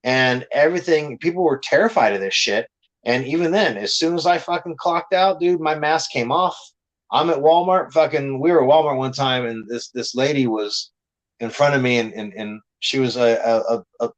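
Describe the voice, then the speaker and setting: A man's voice: mid-range voice, rough recording. A man, a comic creator, telling blunt, profane stories in a casual podcast chat.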